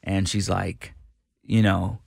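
A middle-aged man telling an animated story on a radio show, acting out the voices of the people in it. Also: deep voice, slow, creaky, slightly rough, no room sound, clean studio sound. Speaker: radio host guest. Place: radio studio.

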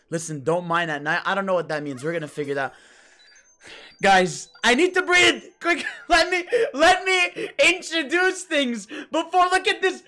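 A live game streamer chatting with viewers, excitable and profane, often shouting in disbelief. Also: medium pitch. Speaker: livestreamer. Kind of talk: live gaming stream chat.

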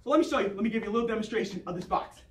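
A woman's voice: mid-range voice, rapid-fire, distant mic. A woman giving a mock infomercial speech in hyped sales patter that talks straight to the audience, recorded from afar in an echoey room with faint noise.

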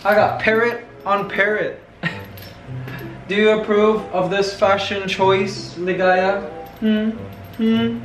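A man's voice: sits high, steady tone, slow, long pauses. Playful man vlogging in a roomy space. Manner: playful, laughs often, coos softly to his pet bird. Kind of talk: casual vlog chat. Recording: roomy echo with music behind.

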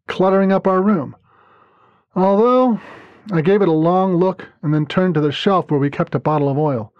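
A man narrating a first-person story as a podcast reader, calm and even. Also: on the high side, no room sound. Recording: dull lo-fi dry recording.

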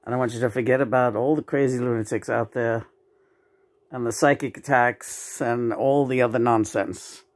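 A woman channeling the spirit of a late male rock musician, talking in a lowered, soothing then gossipy way. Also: steady tone, normal speed, darkish tone, dry recording.

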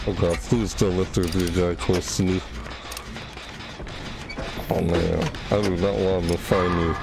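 A man's voice: low voice, flat delivery, a little slow, creaky, pauses often, heavy background noise. A man casually commenting on his own gameplay from a home setup, chatty and easily panicked, talking to himself as he plays. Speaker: gaming channel host.

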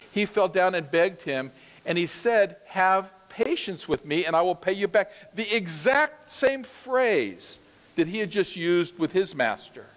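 A man preaching a sermon to his congregation, animated and emphatic, asking them questions directly. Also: on the high side, big-room sound. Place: church sanctuary.

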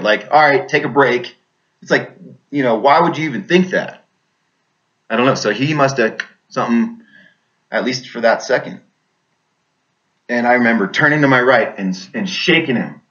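A man's voice: medium pitch, fairly bright tone, dull audio. A man, an army veteran, telling a combat story in vivid, intense casual speech, often restarting his sentences.

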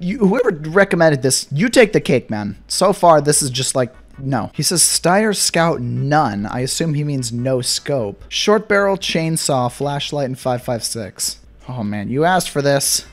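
A young man giving casual gameplay commentary, excitable and sarcastic, swinging between mock despair and glee. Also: fairly high pitch, moderate pace, faint music behind. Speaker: gaming YouTuber.

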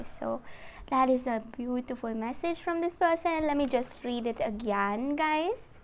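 A woman hosts a tarot reading vlog, talking straight to her viewers in a soft, emotional way. Her voice sits a little high. A faint background hum runs under the recording. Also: measured pace. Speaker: tarot reader.

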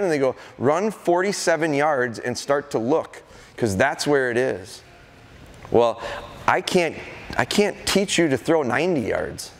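A middle-aged man, a dog trainer, leads a live seminar, telling stories and acting out what dogs and their owners say. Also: a little high. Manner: anecdotal, acts out dogs and owners. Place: event hall at a deer festival. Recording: long reverb of a large hall.

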